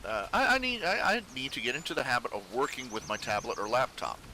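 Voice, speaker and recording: A man's voice: mid-range voice, wildly swooping pitch, fast, pushed and bright, slight background noise. A man chatting casually to viewers during a live stream at his computer, rambling with many fillers and restarts. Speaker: webcomic artist streaming live. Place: home room at his computer.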